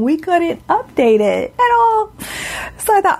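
A woman speaking to a congregation, telling a story in a lively way and acting out her own reactions with sudden high jumps in her voice. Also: moderate pace, creaky. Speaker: speaker at a religious gathering.

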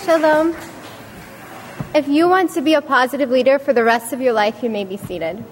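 A woman's voice: high-pitched, normal speed, slight background noise. A young woman giving an earnest prepared speech to an audience, telling a personal story. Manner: earnest, storytelling with acted quotes. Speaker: student speaker. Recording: reverberant hall.

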